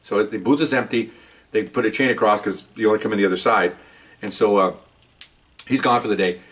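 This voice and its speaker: An older man, a retired police officer, telling a story casually and jumping up in pitch as he acts out the dialogue. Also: a little fast. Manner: animated, jumps up in pitch when acting out dialogue. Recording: voice picked up from a distance.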